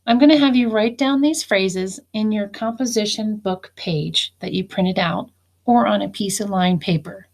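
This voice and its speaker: Woman teacher doing a recorded phonics lesson, slow careful dictation, normal-pitched voice. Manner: slow, deliberate dictation of phrases.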